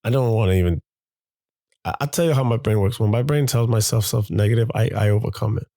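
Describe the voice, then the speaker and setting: A low-pitched man with a gravelly, mellow voice speaks openly as a father reflecting on his own life. He talks in a halting, confessional way, circling back and repeating himself as he searches for words. The sound is close and dry. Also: no room sound. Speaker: father and show host. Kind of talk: candid reflective monologue.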